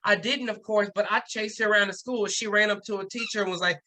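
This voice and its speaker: A man's voice: sits high, fairly even intonation, quick pace, background noise. A man guesting on a podcast, telling a story in casual chat and acting out the people he quotes.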